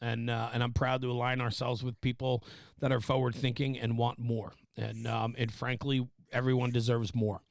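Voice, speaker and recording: Guy hosting a podcast, gravelly voice, lots of ums, dry close mic. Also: mid-range voice, little pitch movement, moderate pace, no echo. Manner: rambling, many fillers. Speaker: podcast host. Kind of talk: casual podcast chat.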